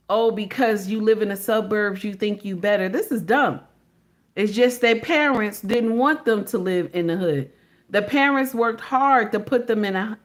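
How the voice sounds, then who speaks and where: Hosting a reaction livestream, a middle-aged woman with a mid-range voice talks casually and emphatically in slang. She tends to repeat her points.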